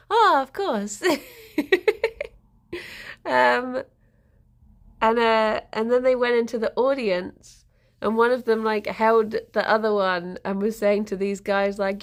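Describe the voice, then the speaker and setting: A woman with a mid-range voice speaks slowly as she hosts a casual livestream. She chats to viewers and coos to her pets, giggling often.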